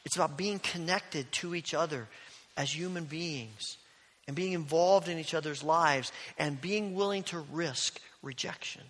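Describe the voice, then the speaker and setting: Guy preaching in a big echoey church, kinda high bright voice, earnest and storytelling. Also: measured pace. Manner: earnest storytelling, drops to a hush at key lines. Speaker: pastor. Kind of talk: sermon. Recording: long reverb of a large hall.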